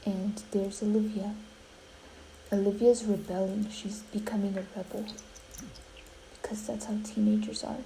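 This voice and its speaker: A woman's voice: mid-range voice, flat delivery, moderate pace, long pauses, slight background noise, poor audio. Melodramatic woman gushing over gameplay. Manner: melodramatic and gushing, drops to hushed asides. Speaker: gaming YouTuber. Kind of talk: dramatic gameplay commentary.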